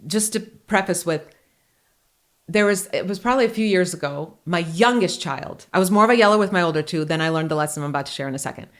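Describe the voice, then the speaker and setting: Talking fast in a lowish voice, a forties-aged woman hosts her podcast, chatting loosely, joking around and sharing frank, lively stories.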